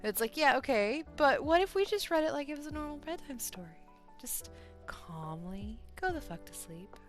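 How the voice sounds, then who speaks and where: A woman's voice: high-pitched, animated, moderate pace, faint music behind. A tired young woman chatting casually on a crochet livestream, rambling, laughing often and trailing off with ums. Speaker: crochet streamer.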